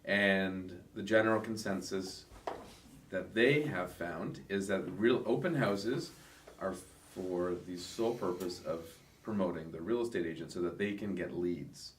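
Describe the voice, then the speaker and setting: A man's voice: deep voice, unhurried, slight background noise. A man co-hosting a casual real estate podcast, explaining at length in a conversational way. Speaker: real estate agent co-host. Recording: echoey room, mic far off.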